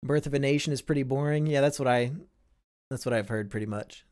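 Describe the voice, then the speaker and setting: A man's voice: mid-range voice, brisk, a little mellow. A young man from Iowa hosting a casual live stream, reading and answering chat with sardonic, profane banter.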